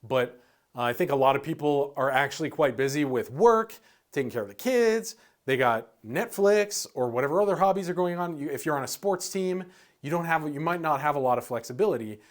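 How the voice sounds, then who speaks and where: A man's voice: a little high, a little fast. A man hosting an investing channel, explaining in a casual, chatty way with lots of "um" and the odd "dude", sometimes acting out nervous investors. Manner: laid-back, chatty, uses "um" and "dude"; acts out worried investors in lively asides.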